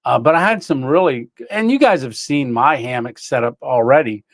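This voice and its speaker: A man's voice: mid-range voice, normal speed, no echo. A man hosting a casual livestream, rambling through a story with lots of fillers and chuckles while greeting viewers. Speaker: livestream host.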